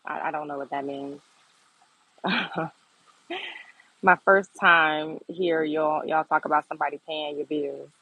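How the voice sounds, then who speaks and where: A woman's voice: low-pitched, fairly even intonation, a little slow, long pauses, sharp tone, breathy edge, no echo, poor audio. A young woman chatting bluntly and playfully on a phone livestream from her garden. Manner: sassy, blunt, laughs often. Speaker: livestream host. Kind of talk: casual livestream chat. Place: outdoors in a garden.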